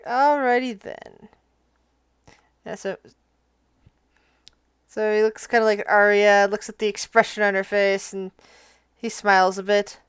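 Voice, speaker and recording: Smooth-voiced woman running a tabletop game. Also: mid-range voice, steady tone, slow, long pauses, dry recording. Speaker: game master.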